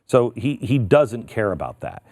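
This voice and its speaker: A middle-aged man hosts a talk show, chatting casually and spinning stories. His pitch swings freely as he talks, and his voice sits in a middle register. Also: a little slow. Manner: animated, storytelling. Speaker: show host. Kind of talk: casual political chat.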